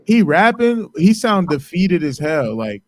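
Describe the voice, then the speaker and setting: A man co-hosting a casual podcast chat, animated and slangy, laughing as he tells it. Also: high voice, a little slow, a little hiss or hum. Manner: animated slangy storyteller, laughs, mock-quotes. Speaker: podcast co-host.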